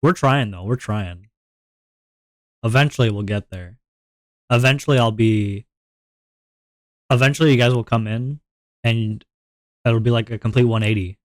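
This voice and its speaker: A young man chatting casually on a live stream, halting and self-deprecating, often restarting and trailing off. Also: medium pitch, no room sound, studio quality.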